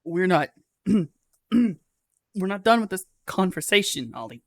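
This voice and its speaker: A man's voice: high-pitched, very animated, slow pace, no echo, full character voice. Brief: man as a short-fused mob boss giving orders, blunt and profane, dry recording. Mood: angry needling. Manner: loud, profane, commanding. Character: hot-tempered middle-aged male crime boss.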